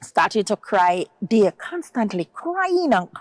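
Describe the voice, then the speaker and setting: A woman's voice: very animated, slow pace, no echo. A woman tells an emotional personal story as a guest, acting out other people's words in her own voice. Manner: acts out quoted voices, rising high for others' words.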